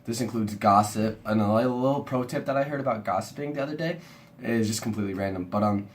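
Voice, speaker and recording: A man's voice: on the low side, fast, a little hiss or hum. Chatty young man with a sickly voice. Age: young adult. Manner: chatty and rambling, lots of "kinda". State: sick, rough voice. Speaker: university student. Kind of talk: casual video review.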